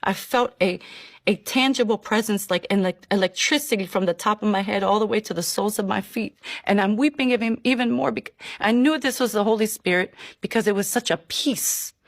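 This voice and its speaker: A woman telling her personal conversion testimony, earnest and emotional, with halting restarts. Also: mid-range voice, dry recording, clean studio sound. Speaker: person giving a faith testimony.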